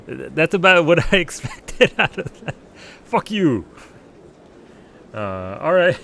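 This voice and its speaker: Animated, laughing male game streamer. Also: on the high side, extremely slow, vocal fry, long pauses. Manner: animated, laughing, stammering restarts. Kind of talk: casual live gameplay commentary.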